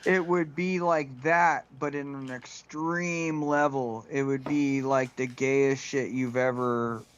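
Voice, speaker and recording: A man co-hosting a podcast, talking in a rambling, halting way with lots of "like" and "you know.". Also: medium pitch, steady tone, slight background noise. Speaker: podcast co-host. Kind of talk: casual political chat. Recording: slightly muffled lo-fi recording.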